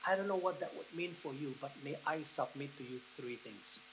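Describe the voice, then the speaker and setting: A man preaching a sermon, leading the listeners through a guided picture with slow, soft pauses that build into excited passages. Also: a little high, noisy background. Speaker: pastor.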